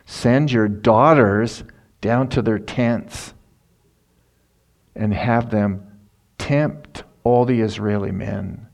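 A man's voice: on the low side, drawn-out words, gravelly, pauses often, heavily acted. A man voicing a greedy, scheming male prophet in a retold Bible story, whining and plotting.

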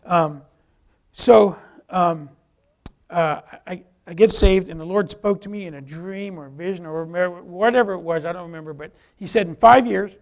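Man telling his faith story, kinda high voice with lots of gravel, acts out the convos. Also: moderate pace, a little mellow. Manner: acts out dialogue, restarts often. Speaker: speaker giving a personal testimony. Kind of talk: animated storytelling testimony.

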